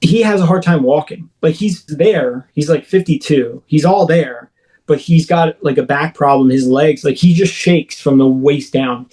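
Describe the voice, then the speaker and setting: A man with a voice pitched a little above the usual tells his own story as an interview guest. His delivery is rambling, with lots of fillers and restarts, and he acts out his own shouts along the way. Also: a little slow, rough recording. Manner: rambling, filler-heavy retelling with frequent "like" and restarts; animated, acting out his own shouts in quoted speech. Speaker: guest recounting personal experiences. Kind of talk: first-person storytelling in a podcast interview.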